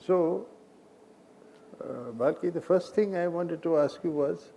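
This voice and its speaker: A man's voice: fairly high pitch, takes it slowly, gravelly, warm tone, a little hiss or hum. A man with an Indian English accent, moderating a live on-stage interview in a large hall and asking the guest questions.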